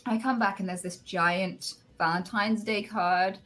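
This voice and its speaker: A woman in her thirties telling a story in casual chat, animated and acting out the other voices. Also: medium pitch, measured pace. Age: 30s. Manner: animated, acts out voices in quotes.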